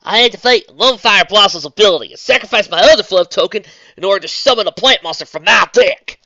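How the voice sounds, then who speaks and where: A reader voicing a brash young Southern cowgirl card duelist in a put-on Southern drawl, loud and showy. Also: medium pitch, expressive, fast, dry recording, muffled recording, pitched above the performer's own voice. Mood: boastful. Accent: put-on American Southern.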